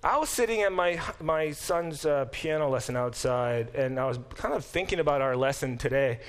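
A middle-aged man teaching a Bible class to students, thinking aloud with quick restarts and questions to the room. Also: fairly high pitch, animated. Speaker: Bible professor. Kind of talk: classroom lecture.

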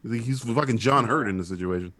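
A man's voice: medium pitch, fast, fairly bright tone, no echo. A man casually riffing on a movie with friends, joking and laughing often. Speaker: movie commentator.

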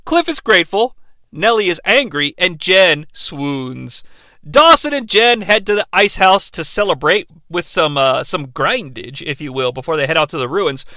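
Man, podcast co-host, sarcastic episode recap, bright voice, dry close sound. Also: a little high, animated, moderate pace, dry recording. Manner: sarcastic, rambling, acts out dialogue.

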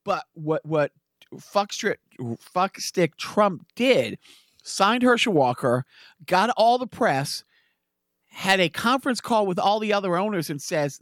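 A man in his forties holds forth on a casual podcast in a higher-than-usual voice. He rambles and laughs through his stories, restarting sentences as he goes. The recording is dry and close. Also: lively intonation, slow, fairly bright tone, no room sound. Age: 40s. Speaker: podcast co-host. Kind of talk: casual chat.

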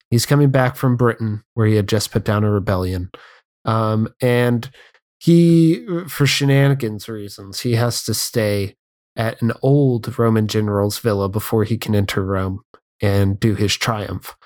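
A man co-hosting a podcast, recapping a film's plot in a relaxed, casual way with fillers and dry remarks. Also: lowish voice. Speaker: podcast co-host. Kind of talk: casual film discussion chat.

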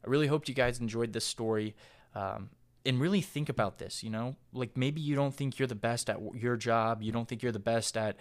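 A man's voice: mid-range voice, fairly quick. A young man in his twenties hosting his own podcast, talking in a casual, earnest monologue that rambles and restarts. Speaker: podcast host.

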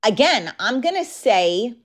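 A woman's voice: a little high, sing-song, measured pace. A woman hosting a podcast, talking frankly and casually straight to her listeners, her voice a little worn. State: losing her voice. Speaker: podcast host. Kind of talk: casual chat.

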